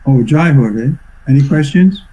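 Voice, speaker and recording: A man's voice: medium pitch, animated, a little slow, warm tone, poor audio. Older man telling a devotional story. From New York. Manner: reflective storytelling with frequent throat clearing. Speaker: swami teacher. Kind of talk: devotional talk with stories. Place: online video session. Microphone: video call.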